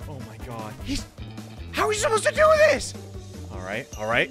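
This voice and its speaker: A young man commentates his gameplay in a loud, excitable, jokey way. His bright voice swings wildly in pitch, often climbing to shouts. Faint game music sits behind him. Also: normal speed, gravelly. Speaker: let's play host.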